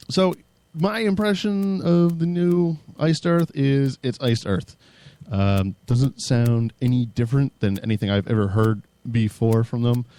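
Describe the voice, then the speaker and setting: Mid-range and dark in tone, with no room sound, this tired podcast co-host trades casual banter in a goofy way. He does mock radio-DJ and metalhead voices, swears freely and laughs a great deal.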